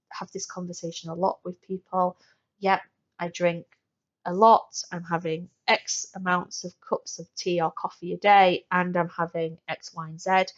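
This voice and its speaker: A woman's voice: lowish voice, lo-fi sound. A woman hosting a solo wellness podcast, chatty and full of fillers and restarts. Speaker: podcast host.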